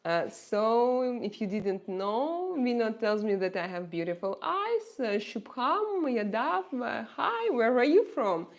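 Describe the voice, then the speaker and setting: A woman with a Russian accent, a native Russian speaker, chatting on a live stream, reading viewer comments aloud and talking straight to them with many halting fillers. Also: fairly high pitch, sing-song. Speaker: livestreamer.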